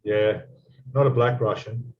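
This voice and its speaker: Australian man, mid-pitched voice, easygoing chat, muffled lo-fi sound. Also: fairly even intonation, measured pace, slight background noise. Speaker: co-host. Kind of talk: casual chat. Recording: dull lo-fi sound.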